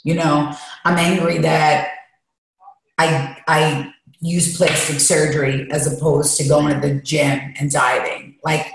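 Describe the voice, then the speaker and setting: A woman's voice: low-pitched, little pitch movement, takes it slowly, background noise. A woman guest talking candidly and emotionally, rambling as she shares her feelings in an interview. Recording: echoey room.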